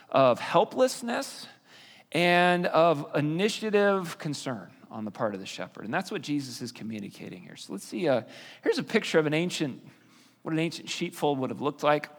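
Man, pastor, lively sermon, higher voice, echoing hall. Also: moderate pace. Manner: conversational, explains with fillers and restarts. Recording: long reverb of a hall.

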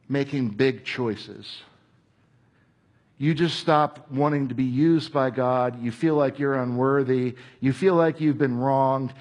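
A man preaching a sermon in a conversational way, acting out quoted voices and at times dropping to a whisper. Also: medium pitch. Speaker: pastor.

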